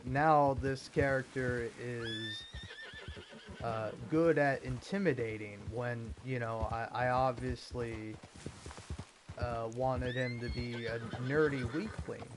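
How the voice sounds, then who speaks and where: A man's voice: mid-range voice, steady tone, slow, pauses often, noisy background. A man talking casually over gameplay, rambling and hesitant with many filler words. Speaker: gaming video host. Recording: voice over game music. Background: game music and horse hooves.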